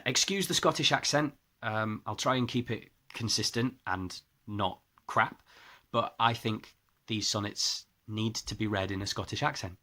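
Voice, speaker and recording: A man hosting his own channel, talking casually to camera in an upbeat way and sometimes dropping to a quiet aside. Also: fairly low pitch. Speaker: channel host.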